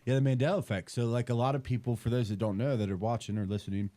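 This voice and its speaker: A man's voice: medium pitch, rapid-fire. A young man hosting a podcast in casual chat, telling stories with lots of swearing and mock voices. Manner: animated storytelling, swears freely, slips into mock mobster voices. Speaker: podcast host.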